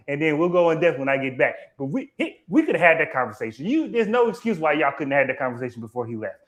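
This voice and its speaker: Emphatic man with a high voice. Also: a bit bright. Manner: emphatic, colloquial, repeats words when heated. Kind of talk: live TV episode review chat.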